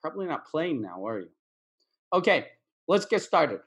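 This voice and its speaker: A man's voice: on the high side, big pitch swings, moderate pace, a bit bright, breathy edge. A man teaching English in a casual video lesson, repeating words and phrases for practice.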